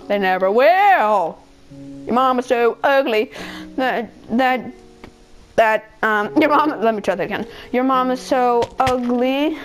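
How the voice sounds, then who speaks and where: A woman giving casual gaming commentary, trading childish insults and mock-angry rants at other players. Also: medium pitch. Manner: childish trash talk and insults; playful, mock-angry ranting. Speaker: gameplay video maker.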